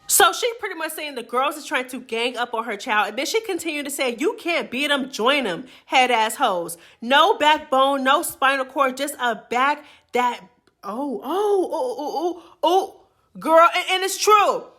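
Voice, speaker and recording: A woman's voice: high voice, sing-song, moderate pace, fairly bright tone. A woman hosting a reality TV recap, talking in a sassy, chatty way full of slang and frequent laughter. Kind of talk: casual gossip commentary.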